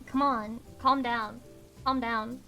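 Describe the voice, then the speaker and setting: A woman's voice: a little high, fairly even intonation, takes it slowly, sharp tone, faint music behind. A young adult woman streaming live, bantering with chat in a brash, swearing way. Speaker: VTuber streamer.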